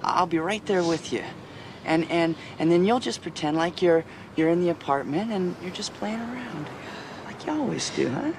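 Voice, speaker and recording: A man's voice: on the high side, expressive, moderate pace, noisy background. An actor playing an eager young songwriter husband who stammers and repeats himself as he coaxes and reassures. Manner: stammering, coaxing. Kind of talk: TV movie acting.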